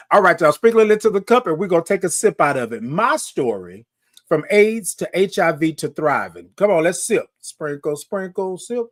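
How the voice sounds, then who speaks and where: Male host, casual live-stream chat, talks straight to viewers, slightly high pitch. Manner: chatty, addresses viewers as y'all, repeats himself. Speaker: host of a live morning show.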